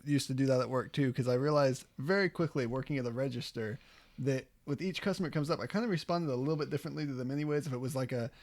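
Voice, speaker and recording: A man, co-hosting a podcast in casual chat, playful and quick to laugh. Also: mid-range voice, a little mellow. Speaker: podcast co-host.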